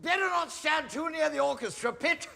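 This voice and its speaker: An actor playing a camp, pompous veteran stage actor rehearsing as a pantomime dame, theatrical and full of himself. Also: male voice, extremely high pitch, moderate pace, gravelly, sharp tone, heavily acted. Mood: hammy. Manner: theatrical, pompous, speaks stage directions aloud. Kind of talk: TV comedy drama acting.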